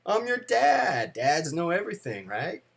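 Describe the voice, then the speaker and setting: A self-assured 1960s father speaks calmly and matter-of-factly, sure he knows everything, as his grown son plays him in a story. The voice sits a little high for a man. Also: a little slow, gravelly, slightly rough, exaggerated voice.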